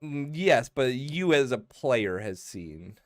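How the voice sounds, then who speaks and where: A man's voice: medium pitch, very animated, slow, no room sound, soft background music. A man running a tabletop role-playing game as game master, casual with many fillers and laughs.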